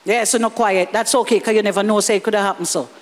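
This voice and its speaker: A woman with a Jamaican accent preaching a lively sermon, slipping into Jamaican Creole and chuckling as she speaks. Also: medium pitch, quick pace, big-room sound. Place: church hall.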